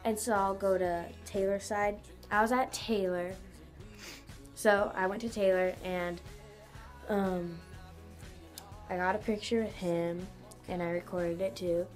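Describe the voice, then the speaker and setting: A woman's voice: mid-range voice, fairly even intonation, unhurried, long pauses, faint music behind. A teenage girl telling a vlog story in a giddy, gushing way, full of "like" fillers. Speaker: vlogger.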